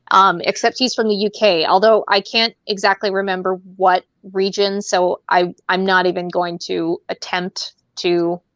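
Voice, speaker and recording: Woman, podcast host, rambling, laughs a lot, mid pitch, muffled dry recording. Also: level tone, a little slow, a bit bright, dry recording. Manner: rambling, laughs often, many fillers. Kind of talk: casual podcast chat.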